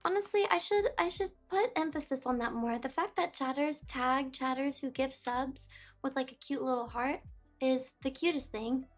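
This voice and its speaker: A woman with a high voice chats casually with her viewers, reading their messages aloud and often losing her train of thought. Soft music plays faintly behind her in a warm indoor room. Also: moderate pace. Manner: chatty, reads chat aloud, easily distracted. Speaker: livestreamer.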